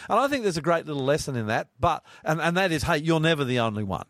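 A man's voice: a little high, big pitch swings, fast, hardly any pauses, a bit bright, no room sound, studio quality. A man hosting a radio Bible study chat, earnest and growing emphatic as he preaches. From Australia. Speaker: radio host.

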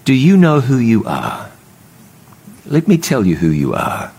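Fervent preacher, pitch soaring on emphasis. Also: male voice, wildly swooping pitch, a little mellow, husky. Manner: fervent, rises to high emphatic pitch on key words; slows and drops low for solemn storytelling. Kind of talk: sermon.

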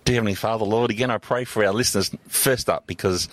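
A man co-hosting a radio show who chats casually, answers briefly and laughs easily. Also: fairly low pitch. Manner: quick agreeing replies, laughs easily. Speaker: radio co-host.

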